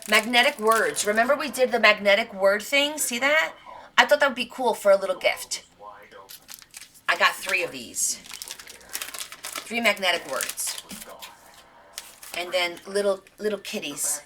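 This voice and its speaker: A woman's voice: medium pitch, a little slow, pauses often, background noise. A woman hosting a casual live craft stream, chatting and gushing as she shows off her thrift finds. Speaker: craft channel host. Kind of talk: casual live show-and-tell.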